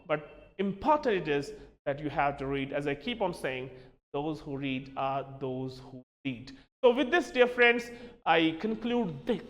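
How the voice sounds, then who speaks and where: A man from Kashmir with a fairly high voice teaches a spoken English lesson, spelling words out letter by letter and calling his listeners "my dear friends." The recording has a long reverb tail.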